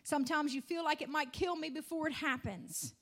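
A woman's voice: sits high, a little fast, a bit bright. A woman preaching a church sermon, calling out hallelujahs and asking the congregation to respond, building to emphatic declarations. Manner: call-and-response with frequent hallelujahs.

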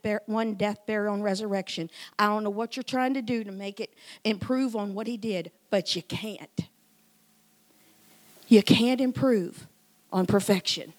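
Impassioned woman in her sixties preaching. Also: medium pitch. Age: 60s. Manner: impassioned, swinging from loud emphasis to hushed whispers. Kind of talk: sermon. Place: church.

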